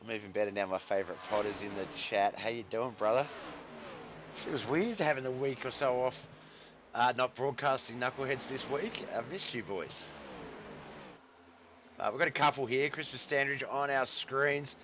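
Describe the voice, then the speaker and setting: A man's voice: medium pitch, moderate pace, noisy background. A man hosting a live stream, giving casual commentary on a racing league and chatting with viewers in the chat, whom he calls brother. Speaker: stream host and race commentator.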